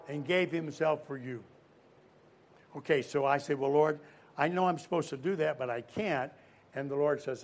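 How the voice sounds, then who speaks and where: A man preaching a sermon to young people, telling a story and asking the crowd questions, swinging from loud emphasis to quiet. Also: on the high side, moderate pace.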